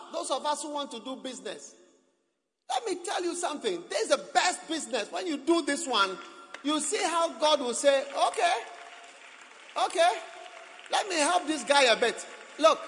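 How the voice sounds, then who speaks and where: A man preaching in a very high, bright voice with plenty of gravel in it. His delivery is animated and slow, swinging from low murmurs to shouted exhortation, and the sound rings with long reverb from a large hall. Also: slight background noise. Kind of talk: sermon.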